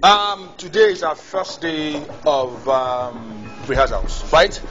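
Dude playing a bossy movie director, high lively voice, music behind. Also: male voice, slow pace, lo-fi sound. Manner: bossy, exasperated, barking orders. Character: bossy fussy film director man. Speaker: comic actor. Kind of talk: comedy sketch acting.

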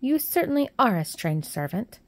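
A woman's voice: fairly high pitch, sing-song, normal speed, no echo, pitched above the performer's own voice. Woman doing a haughty spoiled little girl. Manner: haughty, cold and demanding.

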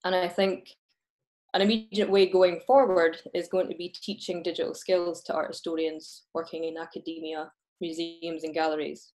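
A woman's voice: fairly low pitch, flat delivery, normal speed, a little mellow. A woman with a Scottish accent hosting an online talk session over a video call, earnest, with small restarts when she speaks freely. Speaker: host.

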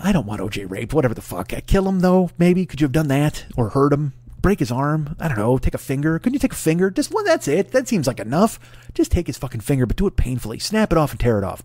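Heard on a dry recording, a man's medium-pitched, slightly mellow voice carries a solo comedy podcast monologue. The host, in his forties, rants with free swearing, chuckles, and keeps restarting sentences while he riffs.

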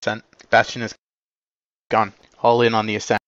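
A man commanding players in an online game, giving brisk radio-style orders over a dull lo-fi voice chat. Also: on the low side, monotone, fairly bright tone, no echo. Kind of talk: game voice comms.

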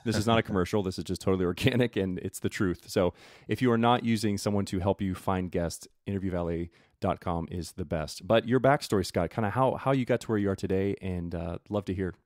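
A man's voice: low voice, quick pace, darkish tone, no echo, studio quality. A man hosting a podcast, chatting in an upbeat, rambling way with lots of fillers. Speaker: podcast host. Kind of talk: casual interview chat.

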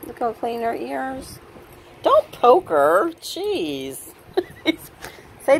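A woman cooing affectionately at her dogs in drawn-out baby talk. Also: fairly high pitch, wildly swooping pitch, gravelly, a little hiss or hum. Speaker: dog owner.

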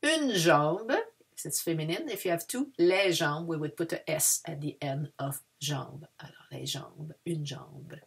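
A French teacher gives a children's language lesson in a video, her voice deep, husky and a little slow. She's patient with the kids and moves back and forth between English and French.

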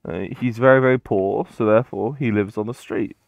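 A man's voice: fairly low pitch, fairly quick, gravelly, no room sound, highs cut off, soft background music. A man voicing a male royal guard who gives rambling, roundabout explanations. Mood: explaining.

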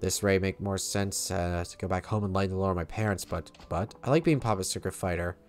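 A man voicing a gloomy young male part-timer who is down on himself, reading game dialogue in a low, subdued, mopey voice. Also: a little fast, faint music behind. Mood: glum. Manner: mopey, self-pitying delivery.

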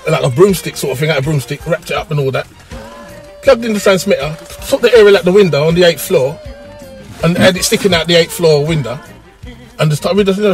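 A middle-aged man with a South London accent telling a long story in an interview, lively and quick to laugh and act out the voices. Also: fairly high pitch. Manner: animated, breaks into laughter and acts out voices. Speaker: interview guest, radio pioneer. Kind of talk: casual storytelling.

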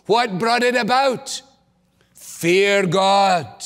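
A man's voice: sits high, very slow, a bit bright, in a large hall. A man preaching a sermon, earnestly asking his congregation rhetorical questions. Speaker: pastor. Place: church.

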